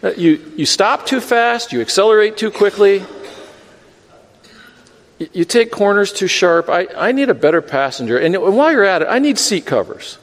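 A preacher voicing a petulant talking car that stammers out a list of complaints. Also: male voice, high voice, expressive, moderate pace, big-room sound, pitched above the performer's own voice. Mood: whiny demanding. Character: fussy male talking car, demanding and petulant.

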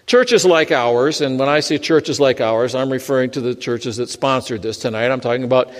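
A man preaching a sermon in a church, animated and dropping in dry humor. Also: mid-range voice, long reverb tail. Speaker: pastor.

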